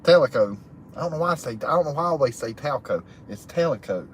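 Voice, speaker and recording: A man's voice: on the high side, expressive, fast, fairly bright tone, slight background noise. A man who hosts a livestream, reading out chat and laughing often in a folksy, drawling way. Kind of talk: casual live chat. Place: camping, in a chicken hut.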